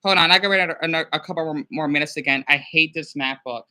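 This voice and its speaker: A man's voice: a little high, fast talker, bright, forceful tone, clear, resonant tone. A man chatting casually on a video call through a laptop mic, rambling, with many restarts and trailing thoughts. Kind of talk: casual chat. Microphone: laptop microphone.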